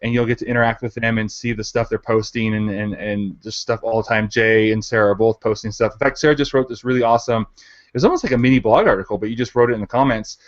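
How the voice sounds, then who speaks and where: A man hosts a casual panel over a video call, rushing along and filling his sentences with likes and ums. The sound is dull and lo-fi, like a compressed online call. He talks from home in the mountains. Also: lowish voice. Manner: rambling, filler-heavy, laughs often. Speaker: host.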